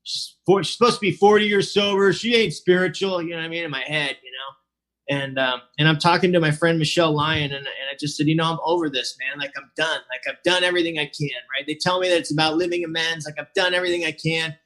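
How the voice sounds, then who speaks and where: Man in his forties, casual personal talk, slightly high voice, loose and rambling delivery. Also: steady tone, fast, a bit bright. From Southern California. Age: 40s. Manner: casual, rambling, many fillers and restarts. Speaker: recovery meeting speaker. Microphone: online meeting.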